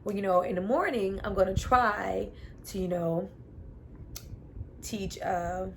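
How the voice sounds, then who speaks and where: A woman's voice: medium pitch, takes it slowly, creaky, a little hiss or hum. A woman voicing an earnest young man who rambles on gratefully to his father.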